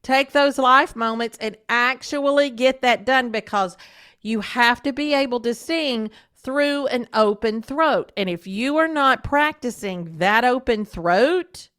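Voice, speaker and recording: Speaking unhurriedly in a fairly high voice, a female podcast host and voice teacher delivers a steady, instructional monologue, coaching listeners and frequently putting direct questions to them.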